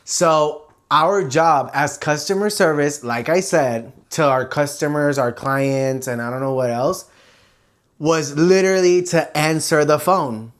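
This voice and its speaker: Animated bilingual vlogger. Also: medium pitch, unhurried. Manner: animated and expressive, imitates ringing sounds. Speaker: vlogger host. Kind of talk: casual storytelling chat switching between Spanish and English.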